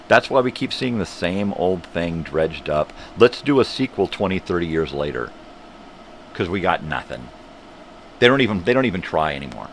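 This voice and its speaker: A man's voice: low voice, slight background noise. An older man hosting his own morning show, ranting bluntly and profanely in a casual monologue. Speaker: host of a morning livestream show.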